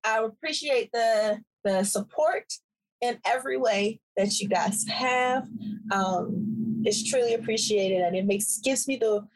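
A woman with a notably high voice co-hosts a casual podcast. She jokes, laughs often and lets some words linger slowly. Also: rough recording. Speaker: podcast co-host. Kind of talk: casual chat.

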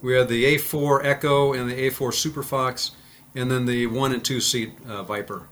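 A man's voice: mid-range voice, moderate pace. A man, a former fighter pilot, telling stories in a casual interview and acting out the voices in them. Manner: animated, acts out quoted dialogue.

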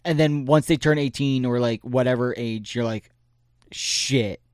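A man's voice: mid-range voice, unhurried, darkish tone, no echo. Profane laid-back young man, dry sound. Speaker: podcast co-host. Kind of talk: casual chat.

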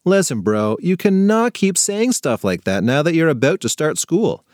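A man's voice: on the high side, big pitch swings, moderate pace, a little mellow, no echo, studio quality, pitched above the performer's own voice. A man voicing an exasperated young girl, the bossy older sister in a storybook for kids.

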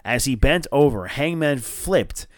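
A man from northern New Jersey hosts a casual wrestling podcast in his mid-pitched voice. He rambles, swears freely and gets excitable, with plenty of fillers. The recording is dry, with no room sound. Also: unhurried, dry recording. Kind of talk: casual solo review show.

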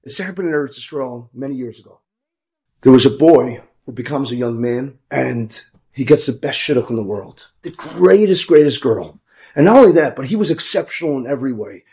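A man who is a rabbi, telling an inspirational story in a conversational way, moving between emphatic bursts and hushed asides. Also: mid-range voice, expressive, fairly quick.

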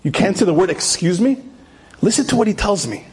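A man's voice: sits high, big pitch swings, brisk, a little mellow, slightly rough. A man telling an inspirational story, emphatic and repeating key phrases, with Hebrew terms mixed in. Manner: sprinkles Hebrew and Yiddish terms.

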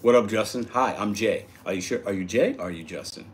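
Reading out chat messages and responding cheerfully, this Puerto Rican livestream host talks in a brisk voice on the low side. A faint hiss or hum sits under the recording.

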